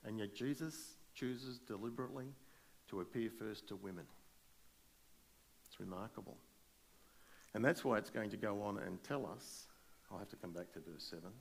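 A male pastor preaching a sermon, retelling a scripture story with animated, speculative asides. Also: fairly low pitch, moderate pace, creaky, pauses often, breathy edge.

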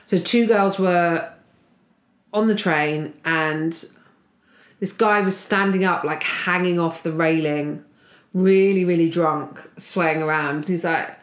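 Young woman comic, animated storyteller; roomy, echoey recording. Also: fairly low pitch, slow. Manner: animated, acts out quoted voices. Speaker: comedian. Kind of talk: casual storytelling chat. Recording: roomy echo.

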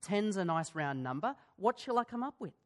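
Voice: mid-range voice, big pitch swings, normal speed, lightly acted. A preacher voicing God as a casual, musing rule-maker, in a brief sermon aside. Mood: offhand. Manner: offhand, musing, mock-casual.

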